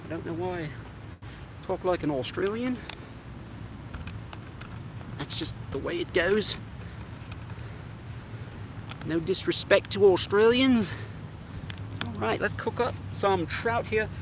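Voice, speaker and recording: A chatty, upbeat fishing vlogger with a high voice cooks on a riverbank and chats casually on a livestream, talking straight to viewers. He speaks slowly and pauses often. His tripod camera picks up outdoor audio with loud ambient noise.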